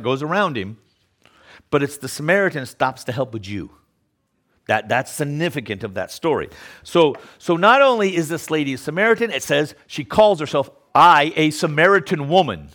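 A man's voice: fairly high pitch, a bit bright. A man preaching in a conversational style, who often repeats words and checks in with his listeners. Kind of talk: conversational sermon.

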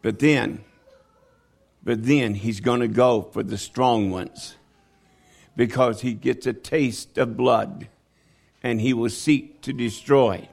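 A man preaching a sermon, dropping low and quiet, then rising into loud, high pleading as he acts out the voices of people in the story. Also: steady tone, slow, vocal fry, pauses often, soft background music.

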